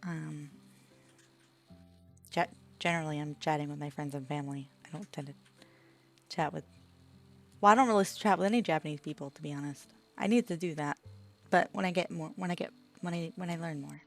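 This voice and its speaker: A woman's voice: low-pitched, brisk, pauses often, faint music behind. A woman with an Australian accent streaming a game, reading lesson text aloud and chatting between lines. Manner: reads lesson text aloud, laughs and chats with partner.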